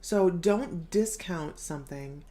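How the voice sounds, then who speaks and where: A woman's voice: fairly low pitch, slow, mellow. A middle-aged woman hosting a casual live stream as a psychic medium, bubbly, laughing often and reading viewer comments aloud.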